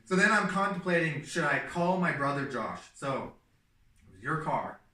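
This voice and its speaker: A man co-hosting a casual talk show, telling a story in an animated way and acting out what people said with big jumps in loudness. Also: on the high side, moderate pace, reverberant, recorded from a distance. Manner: animated, acts out quotes with big swings in loudness. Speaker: co-host.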